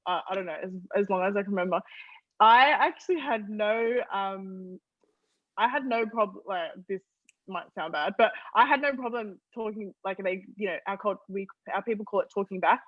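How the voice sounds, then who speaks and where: A young woman from Australia tells family stories as a podcast guest, animated and quick to laugh. The sound is a little dull and lo-fi. The room is very dry. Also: medium pitch, dry recording. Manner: animated, laughs often while telling stories. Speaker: interview guest. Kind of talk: casual storytelling interview.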